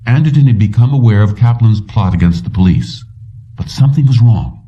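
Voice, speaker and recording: A man narrating an audiobook in a steady, even reading style. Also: lowish voice, a little fast, far from the mic, dull audio. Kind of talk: scripted narration.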